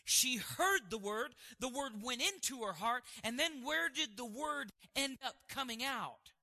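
High, bright-voiced preacher in a hall. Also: male voice, animated, a little slow. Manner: asks the congregation questions and answers them. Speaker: pastor. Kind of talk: sermon. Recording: hall reverb.

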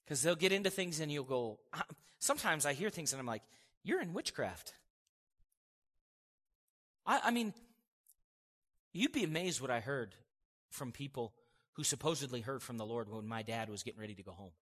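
Male pastor, lively chatty sermon delivery, bright tone, reverberant church hall. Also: medium pitch, brisk. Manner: animated, conversational preaching with frequent chuckles.

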